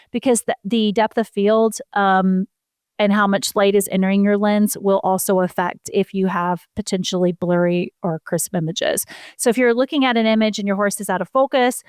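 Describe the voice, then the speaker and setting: A woman's voice: medium pitch, clear, resonant tone, no echo, studio quality. A woman co-hosting a casual podcast, explaining horse photography in a chatty, self-deprecating way.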